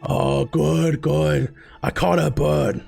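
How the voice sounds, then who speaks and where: A man voicing a huge, simple-minded, gentle male giant who talks in halting, childlike broken speech. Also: fairly high pitch, flat delivery, creaky, faint music behind, heavily acted.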